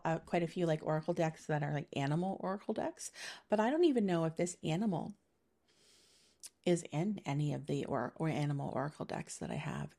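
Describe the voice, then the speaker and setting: A woman's voice: lowish voice, warm tone. A middle-aged woman giving a casual intuitive energy reading, chatty and meandering with many fillers, laughing easily. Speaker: spiritual reader giving a monthly energy reading.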